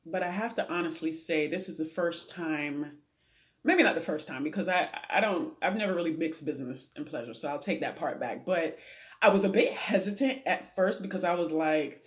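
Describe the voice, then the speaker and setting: A woman's voice: lowish voice, expressive, normal speed. A woman guest on a talk show who talks earnestly about faith, prayer and her late father, giving advice the way a preacher would. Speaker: interview guest. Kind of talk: heartfelt testimony in a talk show interview.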